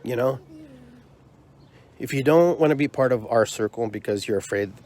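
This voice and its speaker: A man's voice: mid-range voice, normal speed, a little mellow. A man hosting his own podcast, delivering a heated, frustrated monologue full of repeated rhetorical questions. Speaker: podcast host and drum circle leader.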